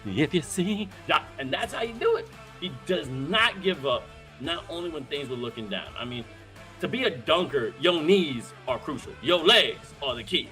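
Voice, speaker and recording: A man hosting a live-streamed talk show, hyped and slangy, full of shout-outs, with faint music behind him. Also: on the high side, very animated, normal speed. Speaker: host.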